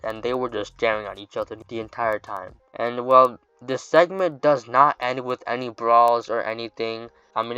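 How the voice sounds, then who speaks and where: A man narrating casually in a bright, crisp voice and tossing in offhand asides. The recording is dull and lo-fi, with a dry, close sound. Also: medium pitch, no echo. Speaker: fantasy booking narrator.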